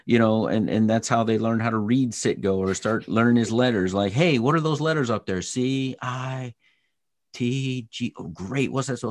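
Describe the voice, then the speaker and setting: A man hosting a podcast interview, telling stories in a casual, animated way and acting out the people in them. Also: medium pitch, no room sound, clean studio sound. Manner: animated storyteller, acts out voices. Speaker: podcast host.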